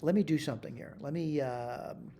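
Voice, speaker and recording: A man's voice: on the high side, moderate pace, dark tone, a little hiss or hum. A man teaching math in a screen-recorded tutorial, talking his steps through aloud, correcting himself and checking in with "all right?". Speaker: math instructor.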